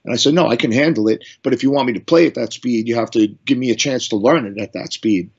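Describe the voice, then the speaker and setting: A man's voice: mid-range voice, fast, husky. Rambling middle-aged man telling stories. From Long Island, New York. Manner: rambling, many restarts and fillers. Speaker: guest musician. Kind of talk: casual storytelling interview. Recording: slightly muffled audio.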